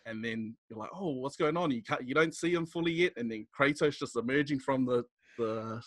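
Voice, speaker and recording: Animated young man with a New Zealand accent. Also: medium pitch, brisk, no room sound, studio quality. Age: young adult. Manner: animated, laughing storyteller. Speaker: podcast guest. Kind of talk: casual chat.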